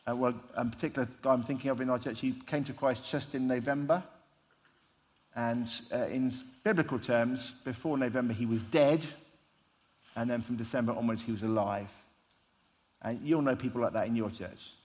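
Male preacher, mid-pitched, conversational sermon delivery, long hall reverb. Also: moderate pace. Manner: storytelling, emphatic, conversational.

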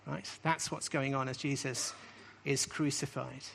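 A man's voice: mid-range voice, little pitch movement, a little slow, gravelly, fairly bright tone, slight background noise. A man teaching a sermon-style talk to a live group, emphatic and repetitive, often ending points with a rising question. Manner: emphatic, repeats key phrases with rising questions. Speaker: preacher teaching on scripture.

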